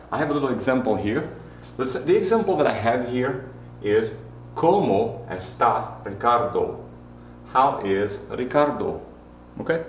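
A man teaching a Spanish lesson in a chatty way, repeating examples slowly and correcting himself as he goes. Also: medium pitch, darkish tone, echoey room, slight background noise. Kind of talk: classroom-style language lesson.

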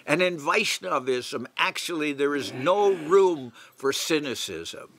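A man's voice: on the high side, animated, slow, a bit bright. A man giving a devotional class in a private home, talking in a loose conversational way with many "you know" fillers and restarts. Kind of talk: devotional lecture.

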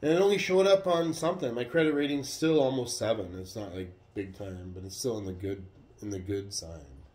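A man telling a story in a casual, profane, animated way. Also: fairly low pitch, brisk. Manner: profane, animated retelling with acted quotes. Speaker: vlogger. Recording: roomy echo.

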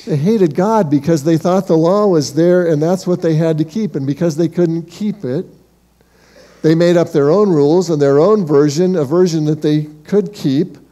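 A pastor delivers a sermon in a fairly high yet warm, mellow voice. He speaks to his congregation with rhetorical questions and addresses them as beloved, pushing some lines hard and dropping others almost to a hush. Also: moderate pace. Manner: dynamic delivery, shifting from emphatic to hushed.

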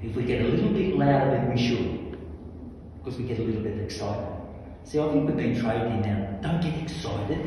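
A man preaching a charismatic sermon, fervent, swinging from soft asides to loud commanding shouts. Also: medium pitch, moderate pace, a little hiss or hum. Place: large hall with long echo. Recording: echoey hall from far off, faint ambience.

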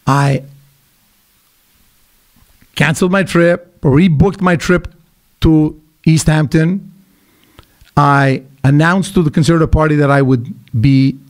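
Animated, blunt middle-aged man. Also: on the high side. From Quebec, Canada. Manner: animated, emphatic storytelling with blunt asides. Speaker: podcast guest, businessman. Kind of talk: casual podcast conversation.

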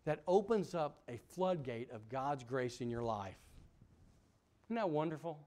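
A man preaching a sermon as pastor, emphatic, asking the congregation questions, swinging from loud peaks to quiet drops. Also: medium pitch, expressive, a little slow. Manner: asks the congregation rhetorical questions.

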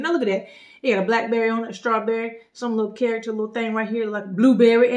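Slangy woman vlogging, kinda high voice, goofy and loud in spurts. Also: fast talker. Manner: playful, slangy, animated bursts. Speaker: vlogger reviewing a drink. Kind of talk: casual chat.

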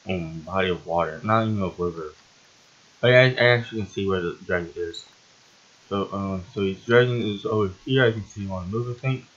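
A man hosting a gaming channel talks through his playthrough in a casual, rambling way, quick to yelp or laugh. His voice sits a bit on the low side for a man. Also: highs cut off. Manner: excitable and rambling, yelps and laughs often. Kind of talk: casual let's-play commentary.

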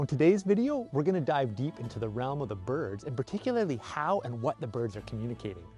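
A man teaching about nature, telling a story to camera with enthusiastic, animated energy. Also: mid-range voice. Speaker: outdoor nature educator.

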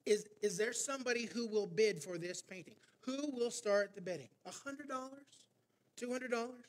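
Insistent auctioneer, read by a pastor in a high male voice, pushes with repeated questions. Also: measured pace.

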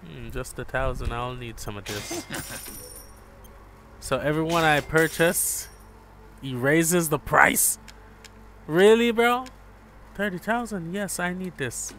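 A man giving relaxed live gameplay commentary, chatting with viewers and calling them bro. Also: on the high side, slow, a little hiss or hum. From Jamaica. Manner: laid-back, chats with viewers, calls them bro. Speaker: gaming streamer.

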